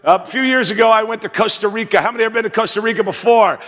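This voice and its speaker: An American man in his fifties, a guest pastor telling a joking, animated story in a sermon from a large church sanctuary. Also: high-pitched, fast. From United States. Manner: joking, animated storyteller who plays to the crowd. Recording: reverberant church hall.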